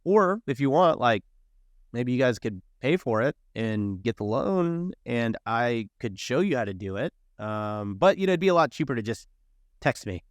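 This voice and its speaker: A man in his thirties talks casually as a podcast guest and tells stories in an animated way, jumping into the voices of the people he quotes. His voice is smooth and resonant, at an ordinary pitch for a man. The recording is close and dry, with no room sound. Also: moderate pace, no room sound. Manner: animated storyteller, acts out quoted dialogue. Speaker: podcast guest, real estate investor. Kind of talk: casual storytelling interview.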